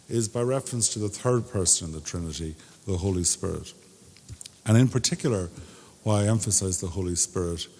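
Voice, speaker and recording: A man's voice: sits low, a little mellow, slightly rough. A man giving a formal debate speech, building his argument in long runs of parallel phrases. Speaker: debate speaker. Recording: reverberant hall.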